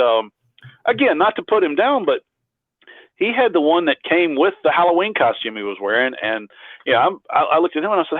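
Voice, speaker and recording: A man's voice: a little high, animated, a little fast, no room sound, narrow, tinny audio. A man, a cosplayer, telling rambling anecdotes as an interview guest, often restarting his sentences. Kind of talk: casual interview storytelling.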